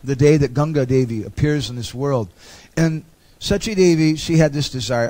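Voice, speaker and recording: A man's voice: mid-range voice, normal speed, a little mellow. A man giving a storytelling lecture on a pilgrimage, with humorous asides.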